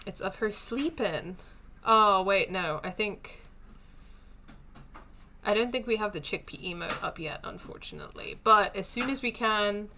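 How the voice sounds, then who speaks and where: A woman's voice: lowish voice, sharp tone, slight background noise. A woman streaming a story game, chatting casually and thinking aloud with lots of fillers. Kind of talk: casual let's-play commentary.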